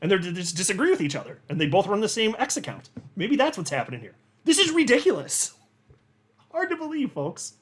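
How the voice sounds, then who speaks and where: A man's voice: sits high, big pitch swings, fast, hardly any pauses, husky. A man hosting a commentary show, reading out social media posts and reacting with exasperated, incredulous remarks and folksy sayings. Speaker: crypto commentary host.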